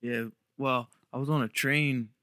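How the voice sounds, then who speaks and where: A man in casual conversation, telling a rambling story in a deadpan way. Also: mid-range voice, a little slow, no echo, studio quality. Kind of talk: casual chat.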